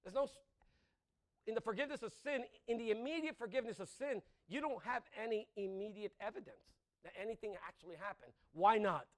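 A man's voice: high-pitched, quick pace. A man preaching a sermon in a conversational way, asking the congregation questions and laughing at his own jokes.

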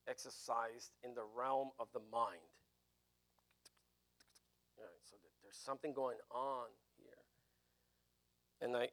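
Gravelly-voiced man teaching a sermon. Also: mid-range voice. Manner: conversational, many restarts and "right?" asides. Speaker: pastor teaching a Bible class.

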